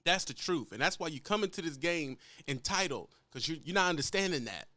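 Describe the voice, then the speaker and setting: Trucker guy ranting at young drivers, bouncy pitch, blunt and cussing. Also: lively intonation, brisk, bright, forceful tone, dry recording. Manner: blunt, lecturing, profane. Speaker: truck driver giving advice. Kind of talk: casual ranting vlog.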